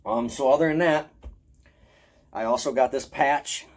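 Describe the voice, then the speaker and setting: A horror convention vlogger shows off his haul, telling a casual, profanity-heavy story in an unhurried, medium-pitched voice. He is animated and acts out his own lines as he quotes himself.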